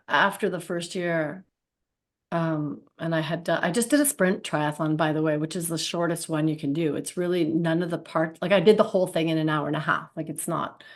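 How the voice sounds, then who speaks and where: A woman in her thirties, a podcast guest, telling a personal story in a chatty way with many restarts. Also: fairly low pitch. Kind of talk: casual storytelling.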